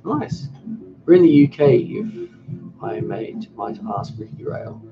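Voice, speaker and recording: In a mid-range voice with big pitch swings, a man in his forties from Australia talks a little slowly while hosting a cooking channel live stream. He chats casually, reads viewer comments aloud, and often restarts what he's saying. Music plays under dull, lo-fi stream audio.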